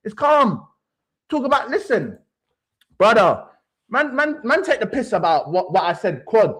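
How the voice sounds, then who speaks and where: A man's voice: high-pitched, very animated, measured pace, fairly bright tone, slightly rough. A young man hosting a livestream, ranting brashly about football with swaggering street slang. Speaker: livestream host. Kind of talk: heated fan rant.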